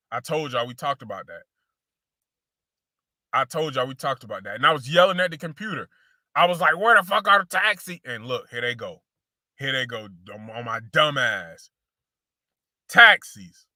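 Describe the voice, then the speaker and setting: A man's voice: fairly high pitch, pushed and bright, dry recording, clean studio sound. A man hosting a casual sneaker show, talking slangy and loose, repeating phrases and calling his viewers y'all.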